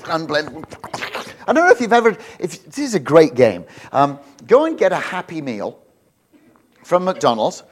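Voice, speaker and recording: A man's voice: on the high side, huge pitch swings, normal speed. A man giving an informal, jokey sermon, rambling with many restarts. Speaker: visiting preacher.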